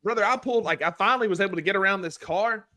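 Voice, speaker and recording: A man's voice: high voice, very fast, pushed and bright. A man with a head cold, co-hosting a sports podcast in a chatty style, often filling with "like.". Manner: chatty, leans on "like" as filler. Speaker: sports show co-host. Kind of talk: casual podcast chat.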